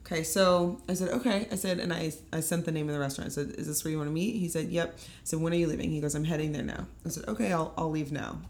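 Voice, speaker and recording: A young woman with a notably low voice tells a story in relaxed conversation. She acts out the other people's lines as she goes, in lively casual talk. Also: fast talker, few pauses. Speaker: storyteller guest. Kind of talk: casual podcast chat.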